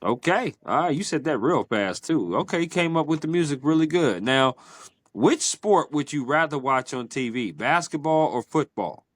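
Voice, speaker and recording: A man hosting a podcast, asking quick either-or questions in a playful, teasing way. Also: on the high side, animated, no echo, studio quality. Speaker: podcast host. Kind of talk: casual interview chat.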